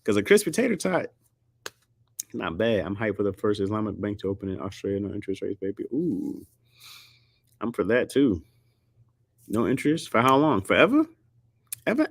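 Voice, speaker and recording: A man from the United States chatting casually and jokingly with his audience, often jumping into a high squeaky pitch for emphasis. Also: vocal fry, no room sound, clean studio sound. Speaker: streamer host. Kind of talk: casual chat.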